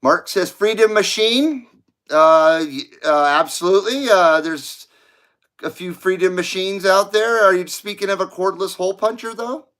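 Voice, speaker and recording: A man's voice: high voice, fairly even intonation, moderate pace, a bit bright. A man hosting a live stream, rambling casually as he reads viewer comments aloud and laughs often. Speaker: livestream host reading viewer chat. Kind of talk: casual chat.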